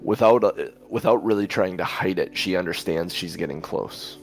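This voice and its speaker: Gravelly low-voiced man running the game. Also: moderate pace. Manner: laughs often, loose and easygoing. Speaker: game master. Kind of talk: narrating a tabletop game.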